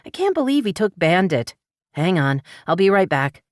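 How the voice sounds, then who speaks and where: A woman's voice: fairly low pitch, sing-song, normal speed, no echo, studio quality. A woman playing a firm police dispatcher. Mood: urgent. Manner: firm, urgent.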